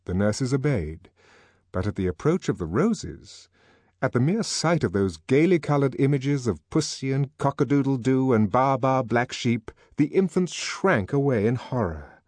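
Male audiobook narrator, expressive, measured, very animated intonation, dry recording. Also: medium pitch, no room sound. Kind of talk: scripted narration.

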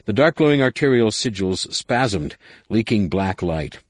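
A man reading an audiobook in a measured, dramatic narration. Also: on the low side, animated, no room sound, studio quality. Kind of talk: scripted narration.

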